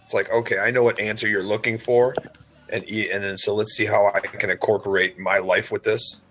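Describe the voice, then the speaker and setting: A man's voice: fairly low pitch, flat delivery, brisk, a bit bright, soft background music, poor audio. A man in casual podcast chat, dry and offhand, joking about his own jobs. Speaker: podcast co-host.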